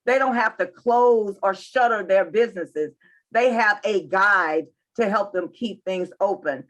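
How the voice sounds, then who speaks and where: A woman's voice: mid-range voice, measured pace. A woman, a chamber of commerce president answering interview questions and repeating key points for emphasis. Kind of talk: interview guest.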